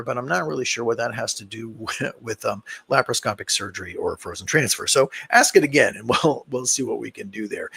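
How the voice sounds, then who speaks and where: A man, a fertility doctor, answering viewer questions on a live stream in a relaxed, explanatory way, full of fillers and sounding tired. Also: medium pitch, vocal fry, breathy edge, dry recording. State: tired, yawning.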